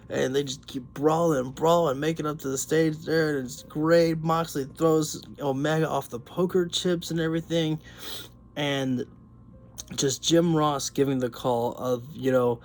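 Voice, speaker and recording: A young man telling a long, excitable story in a casual monologue, swearing and rambling as he goes. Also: medium pitch, normal speed. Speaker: wrestling podcaster.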